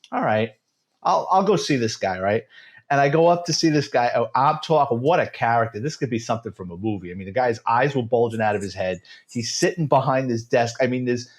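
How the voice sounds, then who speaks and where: A man's voice: medium pitch, brisk. Sarcastic New York man telling stories. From United States. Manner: sarcastic, animated storyteller. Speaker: retired police detective, guest. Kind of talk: casual storytelling interview.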